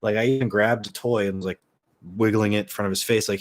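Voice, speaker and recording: A man's voice: lowish voice, fairly even intonation, fast. A man in his thirties telling a casual story in a rambling way, with lots of fillers and some swearing. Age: 30s. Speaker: vlogger.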